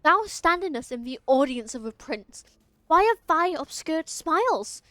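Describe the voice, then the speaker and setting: A woman voicing a haughty young male vampire prince who speaks in pompous, old-fashioned thee-and-thou phrasing, read slowly from a game. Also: high voice, lively intonation, sharp tone, no echo, heavily acted.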